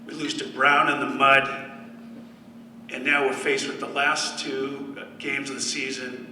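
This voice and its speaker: A man's voice: medium pitch, flat delivery, a little slow, sharp tone, a little hiss or hum. A man giving a speech to an audience, telling a story with dry humor. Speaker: former football player giving a speech. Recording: echoey hall from far off.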